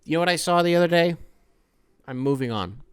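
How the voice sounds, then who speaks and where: A young man hosting a casual solo podcast, rambling and profane, with sudden loud outbursts. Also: a little high, expressive, brisk, clear, resonant tone, no room sound. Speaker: podcast host.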